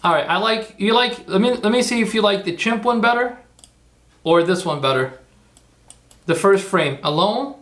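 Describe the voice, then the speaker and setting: A man live-streaming while he works on his computer, rambling and thinking out loud, talking to his chat. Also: high voice, lively intonation, moderate pace. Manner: thinking aloud, rambling, self-correcting. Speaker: streamer making AI videos. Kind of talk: live-stream screen-work commentary.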